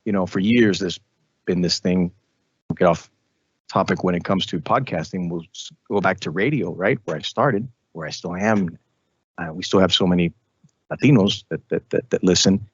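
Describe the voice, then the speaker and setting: A man, a radio host, talking as a guest in a casual interview, animated, with frequent restarts and repetitions. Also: deep voice, moderate pace, slightly rough, no room sound, dull audio.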